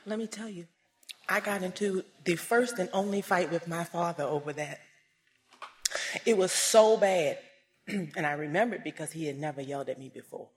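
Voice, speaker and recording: A woman giving a personal testimony, swinging between hushed and raised, emotional storytelling. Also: fairly low pitch, normal speed, breathy edge.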